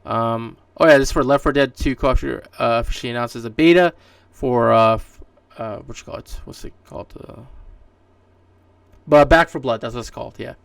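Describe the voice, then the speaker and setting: A Canadian man hosts a solo podcast, rambling casually through gaming news with plenty of fillers and restarts. His mid-range voice moves fairly quickly, carries some vocal fry, and sounds clean with no echo. The recording uses a distant mic in a dry room.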